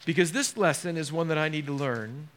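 A man preaching a sermon as a pastor, emotional and dramatic, dropping to hushed tones and rising again. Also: fairly high pitch, fairly quick.

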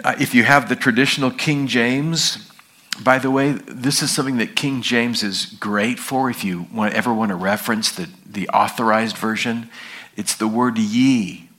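A man's voice: fairly low pitch, fairly bright tone. A man pastor teaching an evening sermon, reading scripture and asking the congregation questions in a conversational way.

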